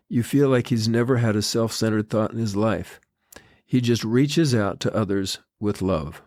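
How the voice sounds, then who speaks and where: An older man hosting a podcast, telling stories in a gentle, unhurried devotional talk. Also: mid-range voice, no room sound, clean studio sound. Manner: gentle, unhurried storytelling with quoted foreign phrases. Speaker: podcast host. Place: Tahiti.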